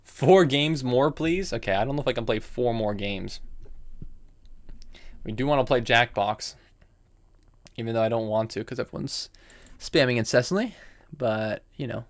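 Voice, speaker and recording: A man's voice: mid-range voice, normal speed, pauses often. A man streaming online chess, chatting casually and thinking aloud about his moves while answering viewers. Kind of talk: casual live-stream game commentary.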